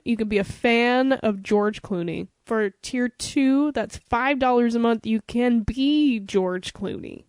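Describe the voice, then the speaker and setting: A woman co-hosts a casual podcast, joking loosely and laughing often. Her voice is smooth and a bit high. The sound is dry and close. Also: dry recording. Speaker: podcast co-host.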